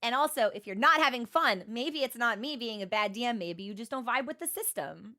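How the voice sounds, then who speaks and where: A young woman talks casually to her stream chat with a slightly high voice. She rambles, second-guesses herself and restarts her sentences, self-deprecating throughout. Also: animated, fairly quick, bright, forceful tone.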